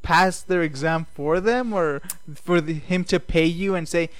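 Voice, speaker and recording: A man's voice: a little high, measured pace. Wry young man on a podcast. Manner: teasing, questioning, wry. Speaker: podcast co-host. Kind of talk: casual chat.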